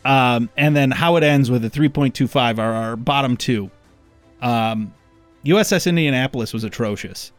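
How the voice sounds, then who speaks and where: A man's voice: mid-range voice, normal speed, faint music behind. A man hosting a podcast in casual chat, rambling with restarts and swearing freely. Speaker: podcast host.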